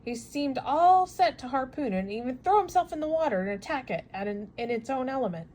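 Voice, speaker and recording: A woman reading a novel aloud in steady narration, with small slips and restarts. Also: high-pitched, fairly quick, poor audio. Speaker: reader.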